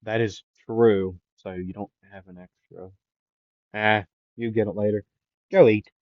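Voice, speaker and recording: A man doing a weary, gruff teacher. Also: fairly low pitch, fairly even intonation, a little slow, dry recording, phone-quality sound, voice pushed down, natural voice.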